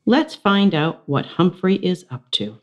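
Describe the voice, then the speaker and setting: A woman reading a children's chapter book aloud, giving the characters expressive voices. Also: lowish voice, unhurried, dull audio, a little hiss or hum. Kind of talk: children's storybook read-aloud.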